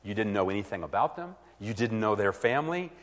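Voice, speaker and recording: Animated man preaching in a reverberant hall. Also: on the low side, a little fast. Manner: animated, acts out both sides of a conversation. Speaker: preacher teaching evangelism. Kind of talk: sermon teaching.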